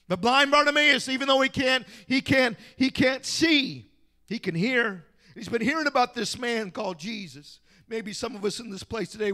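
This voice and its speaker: A man's voice: very high voice, bright, forceful tone. A male pastor preaching a sermon in church with an impassioned, repetitive cadence.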